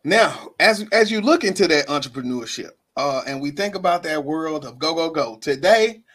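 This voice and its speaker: A man's voice: fairly high pitch, normal speed. A man hosting a podcast interview, backing up his guest with encouraging words and steering the chat along. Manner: encouraging affirmations, relaxed. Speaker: podcast host.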